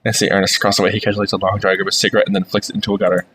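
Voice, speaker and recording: A young man streaming himself reading through a video game. His voice sits low, and he giggles and swears casually as he goes, with a faint hum behind him. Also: completely flat delivery, very fast, fairly bright tone, rough recording. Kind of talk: playing and reading a dating game aloud.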